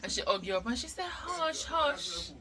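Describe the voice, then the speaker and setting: A woman's voice: mid-range voice, lively intonation, very fast, bright, forceful tone, low-quality recording. A Jamaican woman and mother chatting casually in a vlog, emotional and talkative, mixing patois with English. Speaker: mother and vlogger.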